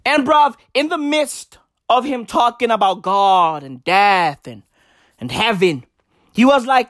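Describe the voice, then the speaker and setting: A man doing stand-up storytelling, loud and profane, full of slang and repeated punchlines, often shouting. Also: very high voice, sing-song, unhurried, no room sound, studio quality. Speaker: stand-up comedian.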